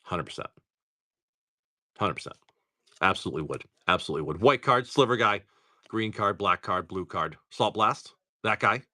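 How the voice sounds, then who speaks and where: A man with a Massachusetts accent hosting a live stream, opening card packs and rattling off each card in quick lists with joking asides. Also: on the low side, pushed and bright, no room sound, studio quality. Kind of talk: casual live commentary.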